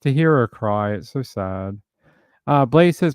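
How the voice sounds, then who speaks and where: Brief: male live stream host, conversational, reads chat, dry close mic, mid pitch. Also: animated, unhurried, clear, resonant tone, no echo. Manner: chatty, reads viewer comments aloud.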